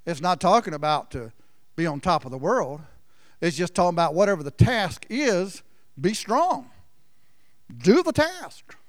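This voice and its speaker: A male pastor with a drawl preaches with a folksy, storytelling touch. His voice sits a little high for a man and swings between loud emphasis and hushed near-whispers. The recording is close and dry, with no room echo. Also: sing-song, measured pace, long pauses. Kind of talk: sermon.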